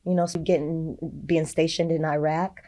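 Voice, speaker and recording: A woman's voice: deep voice, level tone, normal speed, warm tone. A middle-aged woman, a state representative, telling her personal story in an interview, earnest and heartfelt, with many "you know" fillers. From Texas.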